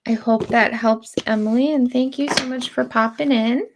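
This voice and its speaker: A woman giving spiritual readings on a live stream, speaking in slow, deliberate, drawn-out phrases. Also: a little high, fairly even intonation, background noise. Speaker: spiritual reader.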